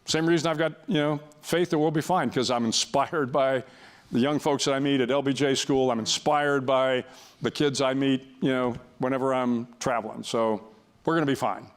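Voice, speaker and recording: A man's voice: mid-range voice, fairly even intonation, normal speed. An older man speaking as a guest before an audience, telling a story in a wry, self-deprecating way with frequent restarts.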